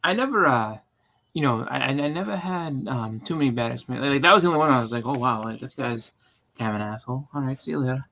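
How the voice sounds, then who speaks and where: A man co-hosting a casual convention chat, telling animated stories and acting out the quotes. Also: medium pitch, quick pace, vocal fry, slight background noise. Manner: animated storyteller, acts out quotes. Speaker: podcast co-host. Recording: live convention panel, roomy mic.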